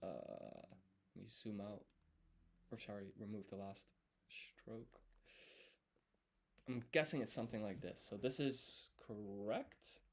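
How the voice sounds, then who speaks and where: A man studying on a live stream, thinking aloud as he writes and explaining each step in a deliberate, self-correcting way. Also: on the low side, animated, gravelly. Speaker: language learner streaming his study.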